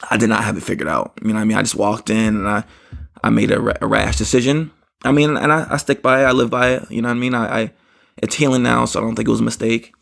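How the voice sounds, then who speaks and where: A man's voice: on the low side, steady tone, fast, vocal fry, fairly bright tone. A man hosting a podcast, telling a story in a rambling casual way and often saying "you know what I mean". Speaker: podcast host.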